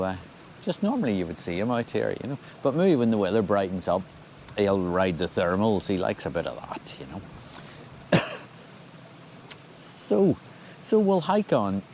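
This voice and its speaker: An older Scottish man with a lowish voice chats to the camera as he walks outdoors on a windy moor. His talk rambles along, easygoing and understated, with a dry sense of humour. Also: darkish tone. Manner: rambling, understated and dryly humorous. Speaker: angling vlogger. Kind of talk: casual walking commentary.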